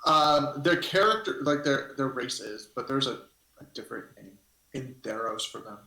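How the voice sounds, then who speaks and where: A man's voice: mid-range voice, lively intonation, normal speed, pushed and bright. A man narrating a tabletop game as game master, rambling and hesitant as he thinks aloud. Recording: echoey room.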